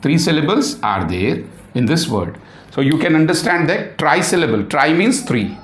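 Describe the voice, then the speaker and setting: A man's voice: on the high side, a little hiss or hum. A man teaching an English lesson, who spells words out letter by letter and asks questions he then answers himself. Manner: slow, repeats words and spells them out letter by letter. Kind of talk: classroom lesson. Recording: echoey room.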